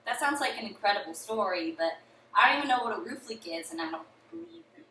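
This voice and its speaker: A woman's voice: on the high side, very animated, fast, pushed and bright, slight background noise, full character voice. Woman doing a doubtful cartoonish monkey. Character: skeptical male monkey, blunt then panicky. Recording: echoey room, mic far off.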